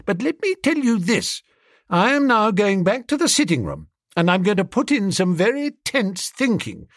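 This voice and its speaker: A man doing a breezy, excitable young gent. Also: fairly high pitch, normal speed, slightly rough, no room sound, studio quality, pitched above the performer's own voice, heavily acted. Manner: excitable, chummy, exclamatory. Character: breezy impulsive young gentleman.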